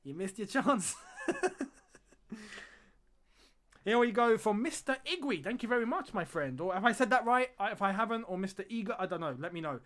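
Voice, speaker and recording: High-voiced man chatting on a live stream. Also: very animated, moderate pace, pauses often, a bit bright. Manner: chatty, thanks viewers and reads out their comments; repeats phrases for emphasis. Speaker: fan channel host. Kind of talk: live-stream watchalong chat.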